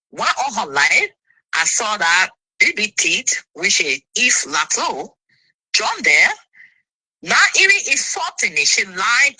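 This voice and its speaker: A woman, an interview guest telling her side of a dispute in an indignant, animated way. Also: mid-range voice, slightly rough, no room sound, rough recording.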